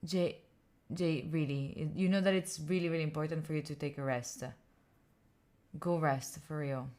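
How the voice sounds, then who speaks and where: Speaking with a low, steady, slightly mellow voice at a moderate pace, a twenty-something study streamer from Italy chats casually with her live audience. She sounds tired and rambles as she replies to comments, and her native tongue is Italian.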